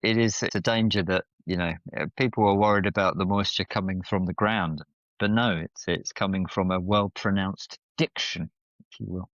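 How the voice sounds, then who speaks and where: Podcast guest: lowish-voiced man, animated storyteller, slightly muffled, dry sound. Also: normal speed, no room sound. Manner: animated storyteller, playful swings in pitch. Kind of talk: casual chat.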